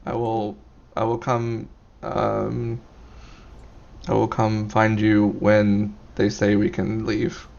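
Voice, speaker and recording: A man voicing a soft-spoken, flirty adventurer. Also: fairly low pitch, completely flat delivery, slow pace, creaky, lo-fi sound. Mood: courteous.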